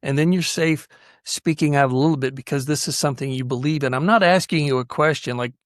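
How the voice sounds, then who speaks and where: A man's voice: fairly high pitch, fast, no room sound. Earnest storytelling man, dry close sound. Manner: earnest, animated storyteller with frequent restarts. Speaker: podcast host. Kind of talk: conversational storytelling.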